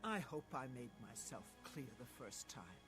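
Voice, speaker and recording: A man's voice: medium pitch, sing-song, moderate pace, fairly bright tone, soft background music. An actor playing a hostile man in a video game who warns people off with curt, menacing threats.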